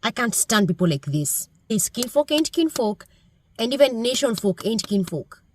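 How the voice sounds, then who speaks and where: A woman's voice: fairly high pitch, big pitch swings, moderate pace, slight background noise. A woman from Kenya, giving blunt, scolding political commentary straight to camera.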